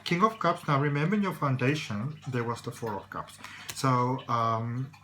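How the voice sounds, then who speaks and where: A man's voice: medium pitch, normal speed, a bit bright, a little hiss or hum, rough recording. A man giving a casual tarot reading, rambling and reassuring with many fillers. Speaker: tarot reader.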